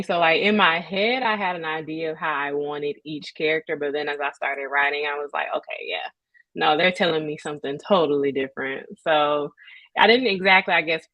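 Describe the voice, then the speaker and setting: A woman author talking about her writing in a relaxed, easygoing manner as a guest. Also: low voice, moderate pace, dry recording, lo-fi sound. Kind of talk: casual interview.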